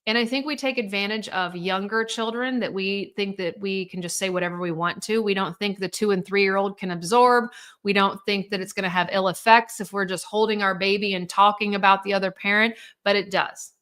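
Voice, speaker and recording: Bright-voiced candid woman host. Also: medium pitch, steady tone, fairly quick. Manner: candid and blunt, acts out quoted voices. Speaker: divorce coach hosting a live show. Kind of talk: live talk to viewers.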